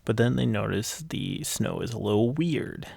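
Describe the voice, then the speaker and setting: A man's voice: lowish voice, expressive, normal speed, vocal fry, darkish tone, slightly rough, no room sound. A man giving a casual, rambling recap of a manga chapter, full of fillers and repeated enthusiasm.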